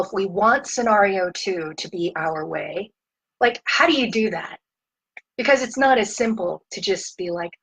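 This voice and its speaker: A woman therapist speaks to parents in an easy, conversational way. Her voice is a bit husky. She slips into short acted-out lines of what worried parents and teens might say. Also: mid-range voice, rough recording. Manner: conversational, acts out parents and teens in quick asides. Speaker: family therapist. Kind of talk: educational talk to parents.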